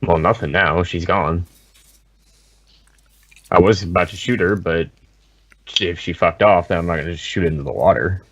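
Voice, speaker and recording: Man, low voice, sarcastic, argumentative, tabletop player. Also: moderate pace, pauses often, fairly bright tone, slightly rough, low-quality recording. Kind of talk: casual tabletop game talk.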